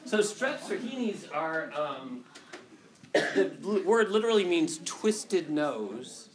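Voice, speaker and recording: A man's voice: a little high, big pitch swings, slow pace, a crowd in the background. A male teacher lecturing to a class and telling a story against himself, rambling with many restarts and frequent laughs.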